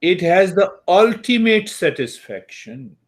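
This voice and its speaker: A man teaching meditation slowly and calmly, with long pauses and Sanskrit terms. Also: high-pitched. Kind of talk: spiritual teaching talk.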